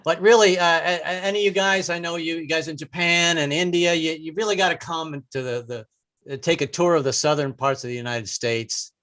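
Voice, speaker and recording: A man's voice: a little high, steady tone, a little fast, a bit bright. A middle-aged man doing a stand-up set over a video call, joking and rambling with stammered restarts. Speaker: stand-up comedian.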